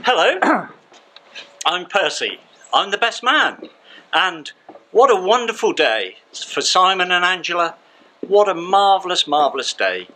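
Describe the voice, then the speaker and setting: A man's voice: high-pitched, sing-song, unhurried, long pauses, bright, forceful tone, heavily acted, poor audio. An amateur actor playing a hearty, teasing best man. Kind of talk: amateur stage acting.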